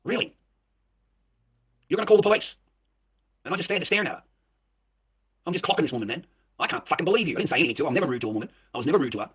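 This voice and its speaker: A husky-voiced man vents to his viewers at a rapid clip, his speech a touch higher than most men's. He swears freely and sounds heated and agitated. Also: animated, a bit bright. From Australia. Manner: talks straight to the viewer. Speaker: vlogger. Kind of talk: direct-to-camera rant.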